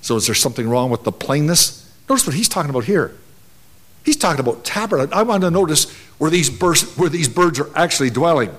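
A man's voice: on the high side, big pitch swings, fairly quick, a bit bright. An older man preaching a sermon at a gospel conference, emphatic, rising and dropping sharply for stress.

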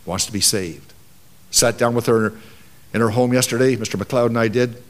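A man's voice: medium pitch, fairly even intonation, normal speed. An older man preaching a sermon at a gospel conference, emphatic, rising and dropping sharply for stress.

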